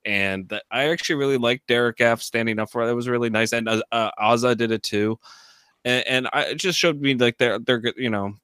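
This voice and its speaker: A male podcast co-host talking casually about a reality show. His voice sits at an ordinary pitch and meanders, with fillers everywhere. He is recorded close and dry, with almost no room. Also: brisk, sharp tone, clear, resonant tone, no echo. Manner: rambling, fills with "like" and "you know". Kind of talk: casual reality-TV recap chat.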